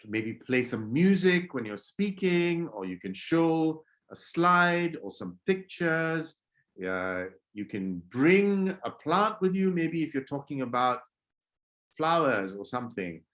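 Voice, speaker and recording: A man leading an online public speaking workshop for children over a video call, acting out greetings to show different moods and gently scolding kids who disrupt. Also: medium pitch. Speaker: workshop presenter.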